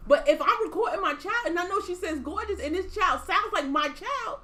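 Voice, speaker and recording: A woman's voice: very high voice, lively intonation, fast, few pauses, bright, forceful tone. A young adult woman co-hosting a podcast in casual chat, reasoning through hypotheticals conversationally. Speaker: podcast co-host.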